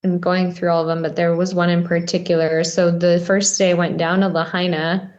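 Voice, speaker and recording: A woman guest on a podcast interview, recounting a personal experience in a rambling, halting way with many fillers. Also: fairly low pitch, flat delivery, darkish tone, highs cut off.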